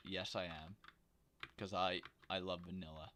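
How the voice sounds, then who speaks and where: A man streaming a video game from home, chatting and joking with viewers in a rambling, casual way on a quiet desk microphone. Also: low-pitched, steady tone, measured pace, slight background noise. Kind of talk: casual livestream commentary while gaming.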